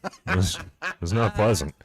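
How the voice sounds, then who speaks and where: A man's voice: lowish voice, big pitch swings, normal speed, a crowd in the background. A man co-hosting a podcast in casual chat, laid-back with dry, understated remarks while feeling cold. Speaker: podcast co-host.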